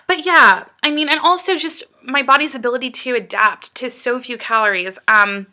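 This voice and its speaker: High, bright-voiced American woman vlogging. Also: normal speed. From United States. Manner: rambling, earnest, lots of fillers. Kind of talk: casual chat to camera.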